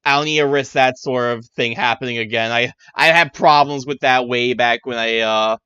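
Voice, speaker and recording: Bright-voiced chatty male streamer. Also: medium pitch, normal speed, smooth, dry recording, highs cut off. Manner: rambling, self-correcting, chatty. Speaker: VTuber streamer. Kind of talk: casual game stream chat.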